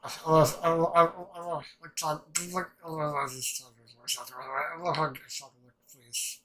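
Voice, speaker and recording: A young man rambling excitedly through a casual reaction commentary, swearing freely and restarting his sentences. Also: on the high side, fast, rough recording. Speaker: anime reaction channel host.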